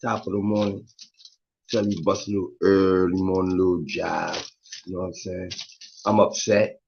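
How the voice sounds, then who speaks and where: A man's voice: low-pitched, little pitch movement, moderate pace, creaky, a little mellow, dull audio, a little hiss or hum. A man hosting a casual morning live stream, talking in loose slang, swearing and greeting his viewers by name.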